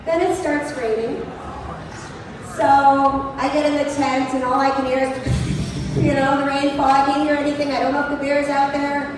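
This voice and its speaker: A woman presenting at an outdoor show, telling a comic story to a live audience in an animated, chatty way. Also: high voice, normal speed, music in the background. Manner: animated, chatty, lots of "like" and "you know". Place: large exhibition hall. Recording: echoey hall from far off, noisy background.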